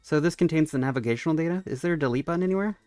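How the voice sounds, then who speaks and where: A man's voice: on the high side, rapid-fire, a little mellow, dry recording, soft background music. A man hosting a let's play, reading game dialogue aloud in a casual, chatty way.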